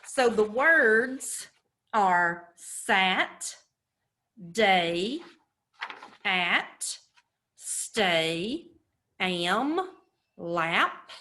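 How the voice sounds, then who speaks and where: A woman teacher leads a phonics lesson for young children at a very slow, patient pace. Her voice is bright and clear, and she draws out each sound with careful enunciation. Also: medium pitch, big pitch swings. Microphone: camera.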